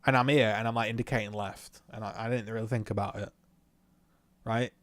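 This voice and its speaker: A young man telling a story in a swearing, animated rant about a driving lesson, talking from his car. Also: on the low side, brisk, dry recording. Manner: swears often, animated retelling. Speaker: vlogger. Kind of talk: casual ranting recount while driving.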